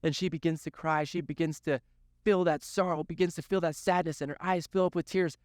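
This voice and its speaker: A man's voice: a little high, fairly even intonation, a little fast, no echo, studio quality. A man giving a youth sermon, telling the story earnestly, with lots of repetition for emphasis. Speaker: youth pastor.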